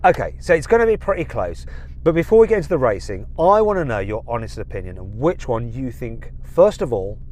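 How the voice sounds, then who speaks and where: A man's voice: medium pitch, very animated, fairly quick, darkish tone. A middle-aged man presenting a car show in a jokey, self-mocking, chatty way from inside a car. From England. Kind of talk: jokey car review chat.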